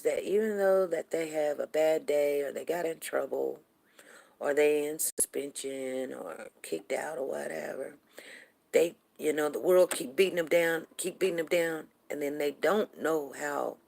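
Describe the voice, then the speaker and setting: A middle-aged woman with a low voice and a gravelly edge tells a personal story in a casual way. She gets animated and repeats words for emphasis. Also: unhurried. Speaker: show host.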